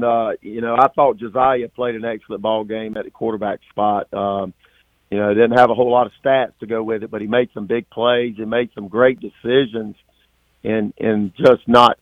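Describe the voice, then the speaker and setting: A high school football coach, a man with a gravelly, creaky voice, talks haltingly with many fillers and restarts. He is heard over a tinny, narrow phone line. The sound is dry and close. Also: steady tone, dry recording. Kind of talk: postgame phone interview.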